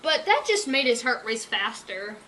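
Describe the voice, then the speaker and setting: A woman reading a children's story aloud with an expressive, animated delivery. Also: a little high, normal speed, slight background noise, rough recording.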